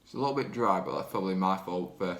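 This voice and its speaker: A man's voice: low-pitched, fast talker, a bit bright. A man chatting casually as he cooks in his home kitchen, rambling and poking fun at himself. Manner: chatty, rambling, self-deprecating. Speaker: home cooking vlogger. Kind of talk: casual cooking commentary.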